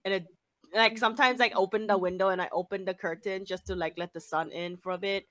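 A young woman chatting casually, telling work stories in an animated way with lots of swearing and "like". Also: medium pitch, fast, no echo. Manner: animated storytelling, frequent swearing and "like". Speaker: cashier. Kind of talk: casual chat.

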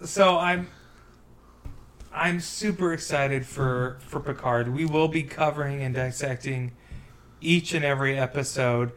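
A man's voice: mid-range voice, a little slow, fairly bright tone. A man co-hosting a podcast in casual chat, rambling and restarting his sentences, with wry asides. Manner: rambling, self-interrupting, wry. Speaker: podcast co-host.

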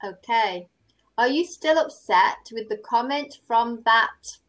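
Slow-speaking English tutor woman. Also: a little high, expressive, fairly bright tone. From England. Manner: patient, models words to repeat. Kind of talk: online pronunciation tutoring.

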